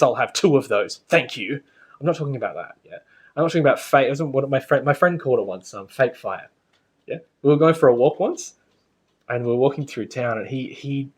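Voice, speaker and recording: A man's voice: medium pitch, breathy edge. A man giving a casual spiritual lecture to a class, chatty and anecdotal, often laughing.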